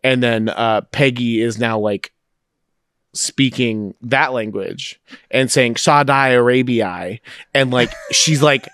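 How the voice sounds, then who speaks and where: Young man hosting, smooth clear voice. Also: mid-range voice, steady tone, fairly bright tone, no echo, clean studio sound. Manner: stammering restarts, quick to laugh. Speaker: podcast host. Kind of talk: casual podcast chat. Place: podcast studio.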